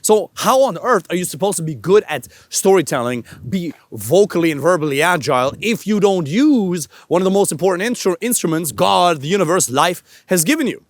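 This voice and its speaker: An energetic male coach talks to camera outdoors, his slightly high voice swinging up and down with lively emphasis. The sound is close and dry, with hardly any room around it. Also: fairly quick, few pauses, no room sound. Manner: energetic, animated coaching delivery. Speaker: dating and voice coach. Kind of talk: instructional talk to camera. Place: outdoors in a park.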